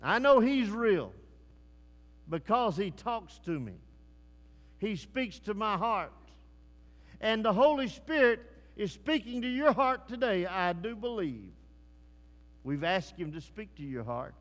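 A man preaching a sermon, swinging from hushed, low passages to loud, rising calls. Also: very animated, slow, long pauses. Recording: long hall reverb.

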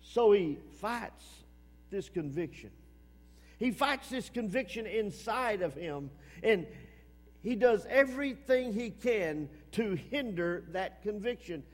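A man preaching a sermon with emphasis, repeating his phrases and swinging between loud and hushed. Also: high-pitched, lively intonation, slow, long reverb tail.

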